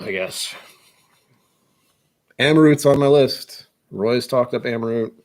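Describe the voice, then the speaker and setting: Slow-paced with long pauses, this young American whiskey-channel host speaks at a medium pitch with a slightly mellow tone. His casual rambling is self-deprecating, as if he's thinking out loud.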